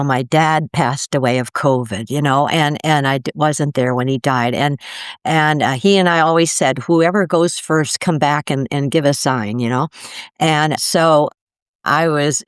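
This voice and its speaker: An older woman telling stories in a casual interview, animated and laughing, acting out the voices of people she quotes. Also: a bass voice, dry recording, clean studio sound. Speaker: guest, near-death experiencer.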